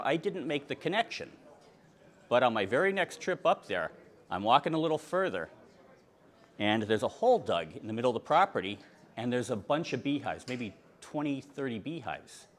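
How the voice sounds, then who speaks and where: An older man from Pennsylvania telling a collecting story in a presentation, acting out the people he met in conversation. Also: mid-range voice. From Pennsylvania, USA. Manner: animated storyteller acting out dialogue. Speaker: insulator collector giving a presentation. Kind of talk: storytelling talk with slides.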